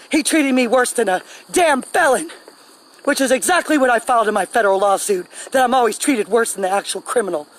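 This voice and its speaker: A woman's voice: on the high side, rough recording. A woman, ranting angrily to viewers on a phone livestream outdoors, speaking in an indignant, emphatic way.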